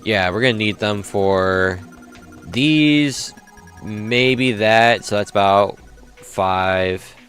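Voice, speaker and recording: Young male gamer, low voice, profane let's-play chatter, game music faint behind. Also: very slow, a bit bright. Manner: swears a lot, grumbles at the game. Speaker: gaming YouTuber. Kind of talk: casual let's-play commentary.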